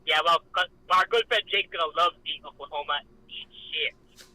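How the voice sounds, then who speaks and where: A man's voice: on the high side, moderate pace, bright, forceful tone, slight background noise, poor audio. A man in casual chat, joking around playfully with friends.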